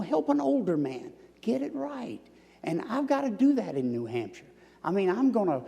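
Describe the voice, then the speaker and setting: Southern man in his sixties, lecture storyteller, drops to hushed asides, gravelly voice in a reverberant hall. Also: high voice. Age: 60s. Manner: storytelling, swings from loud emphasis to near-whispers. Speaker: guest lecturer. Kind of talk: public lecture answering audience.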